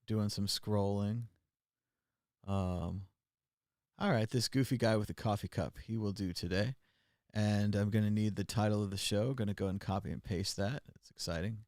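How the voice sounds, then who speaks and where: A man's voice: fairly low pitch, normal speed, darkish tone, no room sound, clean studio sound. A man hosting a live call-in stream, chatting casually and muttering his steps aloud as he works the computer. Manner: rambling, thinks aloud and mutters while working the computer.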